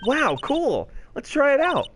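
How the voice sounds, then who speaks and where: A man voicing a cheerful, excitable young woman sidekick in a game reading. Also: very high voice, measured pace, exaggerated voice. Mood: excited. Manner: bubbly, eager. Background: background music.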